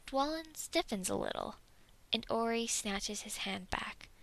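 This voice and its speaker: A woman reading a romantic fan fiction story aloud in a soft, intimate way, at times sinking into a whisper. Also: fairly high pitch, expressive, unhurried, gravelly, rough recording.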